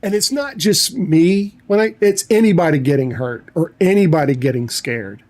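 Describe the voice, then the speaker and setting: Profane rambling man, higher voice. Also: animated, moderate pace, a little mellow. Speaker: livestream host. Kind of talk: casual chat.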